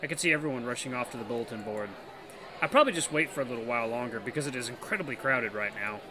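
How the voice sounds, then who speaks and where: A man hosting a let's play who reads the game text aloud and comments excitedly. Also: mid-range voice, rapid-fire, background noise. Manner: excitable, laughs easily, breaks into loud protest. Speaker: gaming channel host.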